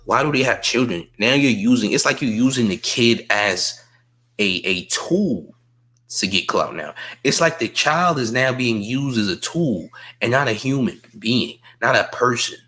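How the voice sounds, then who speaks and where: A man's voice: mid-range voice, expressive, a little slow, sharp tone, poor audio. A man giving opinionated celebrity news commentary, blunt and emphatic, often repeating slang tags at the end of his points.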